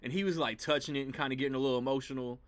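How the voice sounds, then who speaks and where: A man's voice: medium pitch, steady tone, very fast, no room sound. A man on a casual podcast who talks bluntly, with curt replies and casual swearing. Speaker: podcast co-host. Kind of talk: casual movie-review chat.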